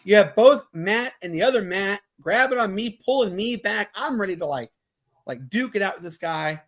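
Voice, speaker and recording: A man from Mobile, Alabama with a Southern accent, hosting a casual sports podcast and telling stories in an animated way, laughing often. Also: high voice. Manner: animated, laughing, quick asides. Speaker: podcast host. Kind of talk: casual chat, storytelling.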